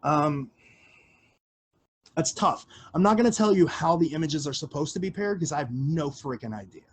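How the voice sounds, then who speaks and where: A man's voice: fairly high pitch, expressive, moderate pace, a little hiss or hum. A man hosting a casual livestream Q&A, rambling with lots of fillers and offhand swearing. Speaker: livestream host answering questions.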